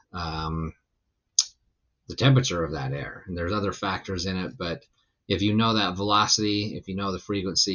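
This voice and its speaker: Low bright-toned guy rambling thru a physics lecture, kinda dull lo-fi audio. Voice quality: gravelly when relaxed. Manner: loose, rambling explanation with many fillers. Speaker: physics teacher. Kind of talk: recorded lecture.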